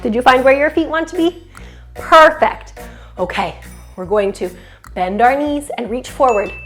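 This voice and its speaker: A woman's voice: high-pitched, animated, moderate pace, fairly bright tone, soft background music. Cheerful woman leading a kids yoga class. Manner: cheerful, encouraging, sings short chants and makes animal and siren sounds. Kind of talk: children's yoga class with sing-along.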